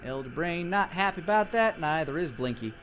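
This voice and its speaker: A man's voice: on the high side, animated, brisk, a bit bright, soft background music. A man narrating as game master of a tabletop game, switching between vivid descriptions and casual rules talk.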